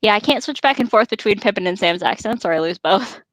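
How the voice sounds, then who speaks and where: A woman's voice: mid-range voice, animated, fast talker, no echo. A woman reading a novel aloud for a podcast, putting on voices for the characters and making chatty asides. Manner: reads dialogue in put-on hobbit voices, chatty asides. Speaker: podcast reader.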